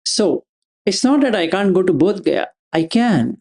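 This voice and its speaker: This is a man delivering a Dhamma talk in a dark, gravelly voice. He reasons aloud through pointed rhetorical questions, returning again and again to Pali terms. His tone is blunt, brushing emotion aside as illogical. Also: high-pitched, very animated, unhurried. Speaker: Buddhist Dhamma teacher.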